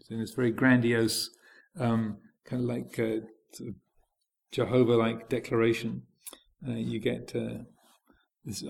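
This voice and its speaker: A man's voice: mid-range voice, flat delivery, unhurried, vocal fry, darkish tone. A man teaching as a Buddhist monk, giving a dharma talk with a hesitant delivery full of fillers and restarts.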